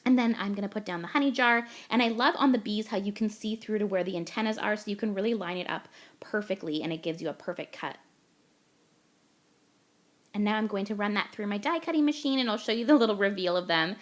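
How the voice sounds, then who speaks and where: A woman's voice: medium pitch, fast talker. A young woman from Canada, gushing and chatty as she talks through a card-making tutorial voice-over step by step.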